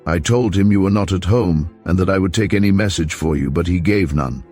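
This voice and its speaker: A man's voice: deep voice, fairly quick, a little mellow, faint music behind. A man voicing a polite, deferential manservant in an audiobook reading. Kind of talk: audiobook character voice.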